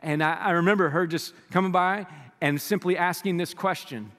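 A man from the United States preaching a sermon, reading scripture and telling stories in an animated way. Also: high voice, normal speed, big-room sound. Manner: animated storytelling, acts out quoted voices. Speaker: pastor.

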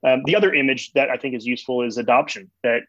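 A man's voice: medium pitch, fast talker, fairly bright tone, no echo. A man as an interview guest, earnestly explaining faith through family stories. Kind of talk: conversational theological explanation. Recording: dull, dry recording.

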